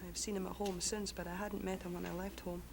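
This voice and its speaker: A Scottish woman, a folk singer guest, answering softly and explaining old songs in a measured way. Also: lowish voice, little pitch movement, vocal fry. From Scotland. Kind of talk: soft-spoken interview answers. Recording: faint background noise, 1960s TV broadcast.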